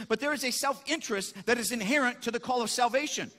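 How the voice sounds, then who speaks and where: A man's voice: extremely high pitch, racing, hardly any pauses, sharp tone. A man preaching a sermon, emphatic, asking questions and answering them himself. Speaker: pastor. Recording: echoey hall.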